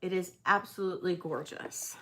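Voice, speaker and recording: A woman hosting a live online sale, chatting casually as she auctions vintage jewelry, with frequent ums and pauses. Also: fairly low pitch, steady tone, noisy background. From United States.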